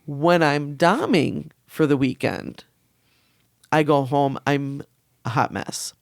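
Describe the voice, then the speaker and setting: Candid, laughing woman with a smooth voice. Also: low voice, dry recording, clean studio sound. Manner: candid, laughing, fast bursts. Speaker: podcast guest. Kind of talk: casual chat.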